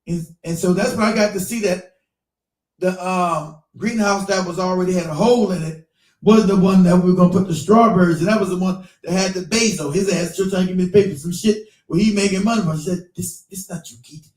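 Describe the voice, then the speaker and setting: A man's voice: sits high, brisk, darkish tone, reverberant, distant mic, rough recording. A man hosting a casual chat, retelling a story with lots of swearing, laughter and quoted voices. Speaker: show host.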